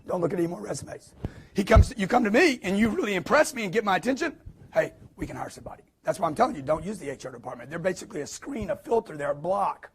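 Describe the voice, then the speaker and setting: A man giving a live motivational sales talk to an audience, emphatic and preachy, with punchy repetition and quick acted-out quotes. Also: sits high, lively intonation, a little hiss or hum. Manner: acts out quotes in put-on voices.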